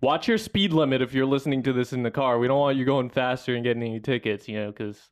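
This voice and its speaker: A male podcast co-host with a smooth, clear, mid-range voice. He talks in a wry, teasing way, drifting into rambling asides during loose banter with his partner. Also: medium pitch, quick pace.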